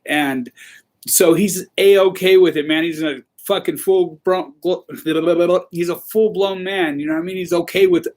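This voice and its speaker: A man's voice: sits high, steady tone, a little slow, darkish tone. A man hosting a casual livestream, telling rambling, profane stories with a laugh now and then. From Southern California. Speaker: livestream host.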